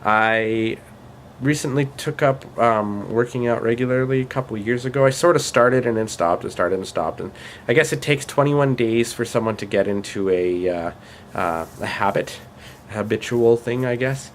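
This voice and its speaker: A Canadian man around thirty, chatting casually to camera in a self-deprecating, rambling vlog full of fillers and pauses. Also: mid-range voice, slight background noise. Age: 30s. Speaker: vlogger. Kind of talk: casual late-night vlog.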